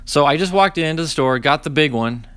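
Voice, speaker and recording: Man in his 40s streaming a card break, chatty, sarcastic storyteller, animated greetings to chat. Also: on the high side, brisk, clear, resonant tone, dry recording. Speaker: host opening card packs.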